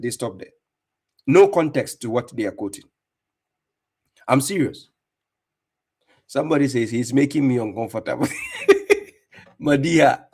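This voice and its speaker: A man's voice: fairly high pitch, a little mellow. A man hosting a live stream, commenting on clips and talking to viewers in a mocking, insistent way with lots of repetition. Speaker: livestream host reacting to clips.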